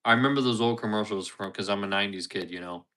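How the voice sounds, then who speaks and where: A man's voice: fairly low pitch, fast, sharp tone. A man with a Philadelphia accent, in his thirties, chatting casually and rambling to viewers on a live stream while outdoors in a parking lot. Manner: rambling, chatty, laughs often, repeats himself. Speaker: livestream host. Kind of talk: casual livestream chat.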